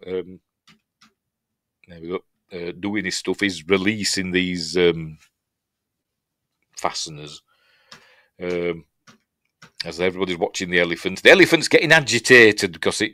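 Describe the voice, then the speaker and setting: Breaking down a film in relaxed, rambling fashion, this middle-aged Yorkshireman offers dry humour and performs lines as a film reviewer. He has a low, slightly bright voice in a recording with no room sound.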